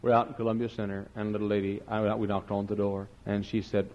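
Pastor, folksy sermon voice, big swings from loud and high to low and quiet, muffled dull audio. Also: male voice, level tone, quick pace, few pauses. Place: large church sanctuary.

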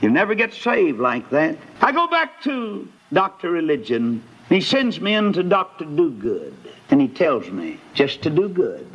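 A man's voice: fairly high pitch, big pitch swings, measured pace, few pauses, a bit bright, husky. A man preaching a sermon in a folksy storytelling way, asking rhetorical questions as he goes. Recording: dull lo-fi recording.

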